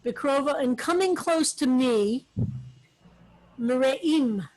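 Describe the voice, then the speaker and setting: A woman rabbi guides a study group through a text. Her voice sits high and her pace is unhurried, with plenty of "um" and "uh" as she explains each word. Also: animated, a little mellow, low-quality recording. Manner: slow, explanatory, with frequent fillers. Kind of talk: relaxed Hebrew text lesson.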